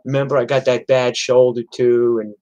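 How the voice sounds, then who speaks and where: A man's voice: mid-range voice, level tone, normal speed, a little mellow, low-quality recording. A middle-aged man, a musician telling rambling, profane stories in a casual monologue full of "like" and "you know.". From New York.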